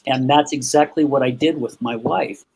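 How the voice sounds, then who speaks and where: A man's voice: fairly even intonation, moderate pace, darkish tone, husky. A man as a podcast guest, candidly telling a personal story about his past anger and acting out the dialogue with growing emotion. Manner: emotional, acts out quotes with rising pitch.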